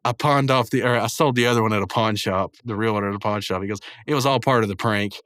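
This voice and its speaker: A man's voice: lowish voice, fast talker, fairly bright tone, no echo, clean studio sound. A man casually recapping and reviewing a cartoon episode, laughing often, rambling and correcting himself as he goes. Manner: laughs often while retelling. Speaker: show reviewer.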